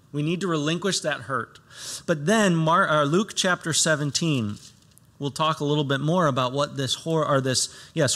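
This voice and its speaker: A pastor preaching a sermon, reading scripture aloud and explaining it earnestly, with emphatic raised lines and soft low asides. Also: male voice.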